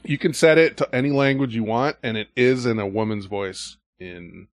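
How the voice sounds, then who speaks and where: A man's voice: medium pitch, normal speed, dry recording. A man hosting a podcast, telling stories in a casual, profane way and acting out other people's lines. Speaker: podcast host. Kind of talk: casual storytelling chat.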